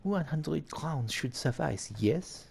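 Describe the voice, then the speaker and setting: A sly, self-satisfied crime boss drawls every word at an unhurried pace, as a man puts him on. The voice sits higher than natural and carries a gravelly edge. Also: expressive, a little mellow, exaggerated voice. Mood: smug. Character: smug scheming male crime boss.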